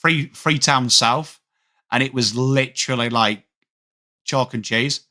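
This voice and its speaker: A man's voice: medium pitch, slow pace, bright, forceful tone. A man in his thirties with a Yorkshire accent, hosting a live sports watchalong and chatting with viewers as he answers their comments. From England. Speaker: livestream host.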